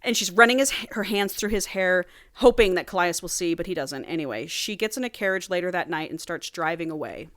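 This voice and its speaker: A woman co-hosting a casual book podcast, retelling the plot with lively quoted dialogue. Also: fairly low pitch, no room sound, clean studio sound. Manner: animated retelling, quick voiced quotes of characters. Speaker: podcast co-host. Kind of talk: casual book recap chat.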